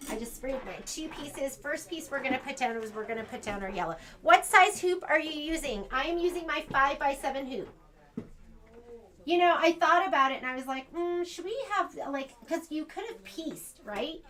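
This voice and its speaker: A woman's voice: sits high, normal speed, fairly bright tone. An American woman demonstrating machine embroidery in a sewing shop, chatting casually and thinking aloud as she works.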